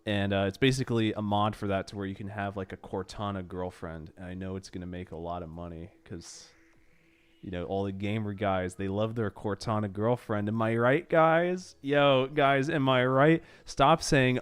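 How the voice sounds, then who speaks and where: Young male streamer, low smooth voice, rambling, swears, exasperated outbursts, runny nose. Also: moderate pace. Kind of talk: casual game stream chatter.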